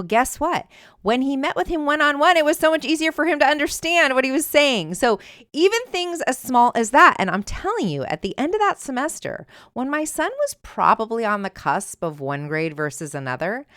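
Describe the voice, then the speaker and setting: A middle-aged woman hosting a solo advice podcast, talking emphatically and conversationally, sometimes animated. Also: on the high side, moderate pace, clean tone, no room sound, studio quality. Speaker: podcast host. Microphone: earbuds with mic.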